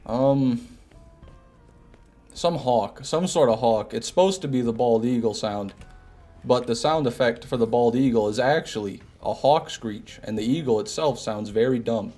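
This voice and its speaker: A man's voice: mid-range voice, dark tone. A man streaming a game live, teasing and bantering with his chat. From United States. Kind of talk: live gameplay commentary.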